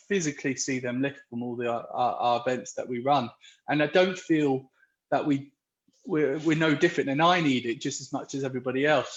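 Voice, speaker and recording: A man being interviewed live online, talking earnestly and rambling, with lots of restarts. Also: mid-range voice. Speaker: interviewee, dads' group organiser. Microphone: video call. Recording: roomy, dull lo-fi video call audio.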